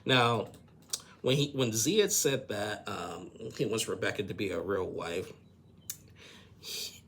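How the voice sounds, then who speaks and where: A man's voice: on the low side, slow pace, long pauses, a bit bright. A man casually recapping a reality TV episode, rambling, repeating words and adding judgmental asides.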